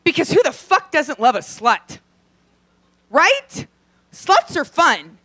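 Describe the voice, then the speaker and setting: A young adult woman performing a brash, profane stand-up set, acting out quick voices in her asides. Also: high-pitched, very animated, fairly bright tone, no room sound. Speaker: stand-up comedian. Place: comedy club stage.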